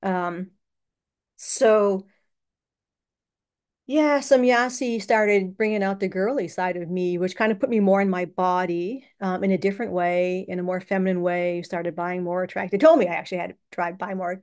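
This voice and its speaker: A woman's voice: lowish voice, fairly even intonation, normal speed, a little mellow. A woman hosting her own channel, talking in a casual, rambling personal monologue and laughing often. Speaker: channel host.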